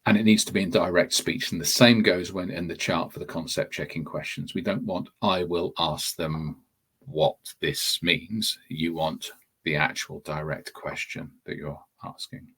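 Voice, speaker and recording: A male TEFL tutor gives a webinar explanation in a conversational style, speaking straight to viewers and often starting phrases over. His low voice is steady, husky, and a bit bright, at a moderate pace.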